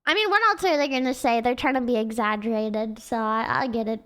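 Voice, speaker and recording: A young woman streamer with a very high, childlike voice, chatting casually and giggling as she rambles. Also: a little fast, a bit bright, smooth. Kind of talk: casual livestream chat.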